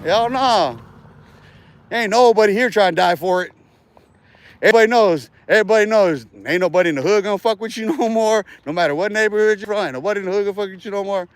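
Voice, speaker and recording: A man's voice: sits high, fast talker, dry recording. A man livestreaming outdoors in a park while walking, talking casual street slang and boasting with profanity.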